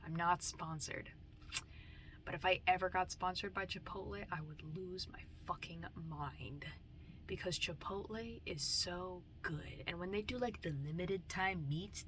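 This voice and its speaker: A young woman with rambles playfully in casual vlog chat. Her voice is bright and forceful, and she slips into whispers now and then. Faint background noise sits under her voice. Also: on the low side, slow. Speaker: vlogger.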